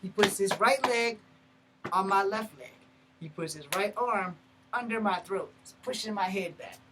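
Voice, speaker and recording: A man telling a personal story in a blunt, profane, animated way, breaking off and restarting mid-sentence. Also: sits high, a little slow, background noise. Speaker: martial arts channel host. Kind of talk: personal story told to camera.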